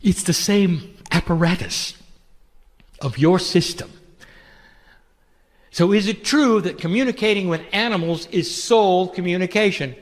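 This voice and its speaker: A man giving a channeled spiritual talk in a gentle, intimate, preacherly way. He often asks the listener rhetorical questions. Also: sits high, unhurried, pauses often, in a large hall.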